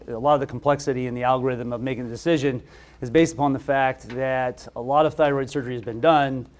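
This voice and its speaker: A surgeon with a medium-pitched voice gives a medical lecture in a relaxed, conversational way, hesitating frequently.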